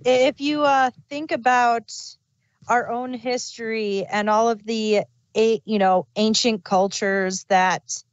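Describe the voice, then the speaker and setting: A woman speaks very slowly and deliberately on a podcast, laying out her argument with examples. Her audio comes through dull and muffled, as if through a pillow. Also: a little high, steady tone, clear, resonant tone, dry recording. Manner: slow, deliberate, argues with examples. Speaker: podcast co-host. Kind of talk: casual review chat. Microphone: muffled home microphone on a voice call.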